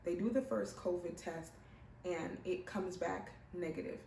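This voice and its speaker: A young pregnant woman shares her own story casually, speaking a little low. Her voice carries a roomy echo from a mic set some way back, with faint ambience behind. She is animated and now and then acts out other people's lines. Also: a little slow, creaky, far from the mic, slight background noise. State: heavily pregnant. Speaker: vlogger.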